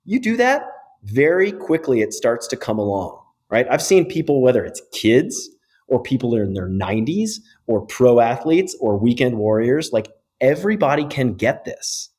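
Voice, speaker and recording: A man, a physiotherapist guest on a podcast, explaining breathing in an energetic, casual way and often checking in with "right?". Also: mid-range voice, moderate pace. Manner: energetic, keeps tagging points with "right?".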